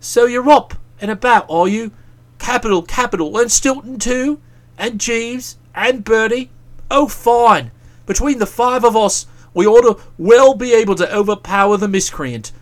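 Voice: medium pitch, measured pace, close to an everyday voice. A reader voicing a self-satisfied young man who talks in a breezy, pompous way. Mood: smug, breezy. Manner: breezy, pompous, pleased with himself. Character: self-satisfied young male writer, jaunty.

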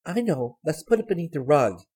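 A spunky, self-sufficient young woman in a storybook reading, put on by a man. She talks briskly and decisively, her voice raised high above his own and swinging widely. A husky edge runs under it. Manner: lively, decisive, matter-of-fact.

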